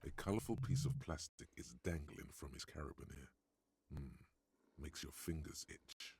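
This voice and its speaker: A man's voice: moderate pace, darkish tone, dry recording, full character voice. A man voicing a game's second-person narrator, telling the action in a dry, wry way. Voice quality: very deep, gravelly, husky. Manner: dry, wry, gravelly storyteller. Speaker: game narrator.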